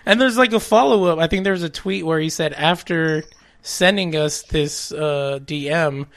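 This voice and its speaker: A man's voice: on the high side, normal speed, fairly bright tone. A man co-hosting a casual podcast, reading listener messages aloud in a laid-back, amused way. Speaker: podcast co-host.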